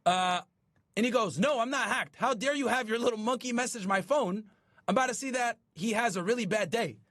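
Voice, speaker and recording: A man hosting a streaming show, talking casually to his live chat and retelling a story in an animated, profane, incredulous way. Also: extremely high pitch, brisk, dry recording, studio quality.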